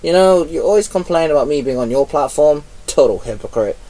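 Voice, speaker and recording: A man's voice: on the high side, expressive, fairly quick, mellow, faint music behind. A man doing a muttering grumpy mentor. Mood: grumbling. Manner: mutters curtly. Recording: voice a bit far from mic.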